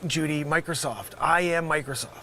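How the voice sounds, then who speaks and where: A man improvising a comedy sketch as a fake phone scammer, insulting his caller, swinging from shouting to muttering, in a put-on New York accent. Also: a little high, normal speed, noisy background.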